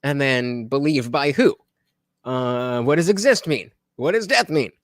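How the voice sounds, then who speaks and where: A man of ordinary pitch hosts his own live stream and comments on a debate recording. He talks in a loose, halting way, full of fillers and restarts. His voice is dry, with no room echo around it. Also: animated.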